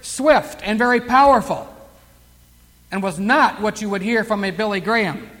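A man preaches with a high, ringing voice that swells on his key words. His sermon echoes with the long reverb of a large hall. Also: moderate pace, a bit bright. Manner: fervent preaching, surging emphasis on key words.

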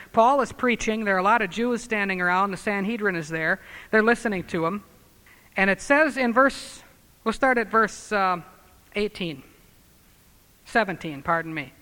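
Bright high-voiced preacher in echoing hall. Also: male voice. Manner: emphatic, swings from loud declarations to low muttered asides; scornful, sarcastic asides. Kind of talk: sermon.

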